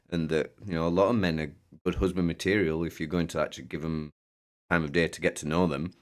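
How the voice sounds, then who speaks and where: Low-pitched man hosting a reaction video, sarcastic, dry and mocking. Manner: sardonic, mocking. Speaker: commentary host. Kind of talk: reaction commentary.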